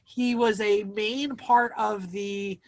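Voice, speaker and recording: A man's voice: high-pitched, fairly even intonation, slow pace. A man hosting a casual podcast chat, recapping a plot at length and stopping to explain the background. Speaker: podcast host.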